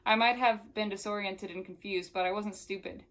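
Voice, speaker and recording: A woman's voice: medium pitch, fairly even intonation, normal speed, a bit bright. A young woman who reviews books, reading a novel aloud and breaking off into casual, exasperated asides. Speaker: book reviewer.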